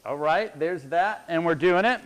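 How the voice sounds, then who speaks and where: A man's voice: a little high, a little slow, fairly bright tone. A middle-aged man, a chef, giving a chatty cooking demonstration and explaining each step as he works. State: teary from onions.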